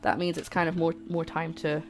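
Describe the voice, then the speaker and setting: A woman's voice: sits low, little pitch movement, a little fast, music in the background. A woman with a British accent hosting a live cooking stream, chatting casually and poking fun at herself while she cooks. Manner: chatty, self-mocking, talks to chat while cooking. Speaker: cooking livestream host.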